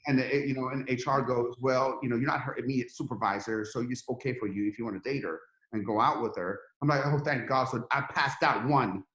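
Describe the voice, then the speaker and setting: A middle-aged man, a podcast guest, telling a story in a lively, casual way and acting out the quotes. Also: mid-range voice, quick pace, few pauses, reverberant. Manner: animated, acts out quotes in a rising voice.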